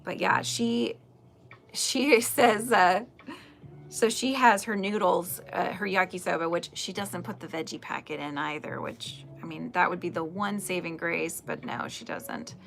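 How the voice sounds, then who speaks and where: Woman, 40s, livestream craft host; chatty, slightly gravelly voice, faint music under her. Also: on the low side, measured pace, fairly bright tone. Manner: chatty, answers viewer comments, laughs often. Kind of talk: casual chat while crocheting.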